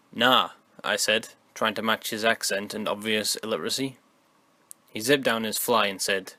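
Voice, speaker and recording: A man reading out a scary first-person story in steady, grim scripted narration. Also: on the low side, no room sound.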